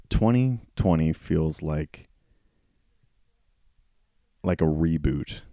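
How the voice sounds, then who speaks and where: A man hosting a solo podcast, talking candidly in a casual, self-deprecating way, often clearing his throat as he loses his voice. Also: extremely low pitch, mellow, no echo. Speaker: podcast host.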